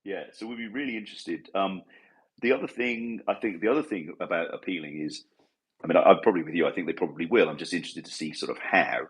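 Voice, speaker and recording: Very deep, husky-voiced hesitant man. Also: fast talker, rough recording. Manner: hesitant, many restarts and fillers. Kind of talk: casual podcast chat.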